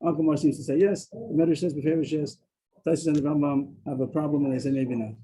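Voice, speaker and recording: Guy teaching talmud on a video call, talks super fast, dark mellow voice, keeps restarting. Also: a little high, fairly even intonation, a little hiss or hum, rough recording. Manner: explains quickly, with frequent restarts. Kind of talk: daily Talmud study class over video call.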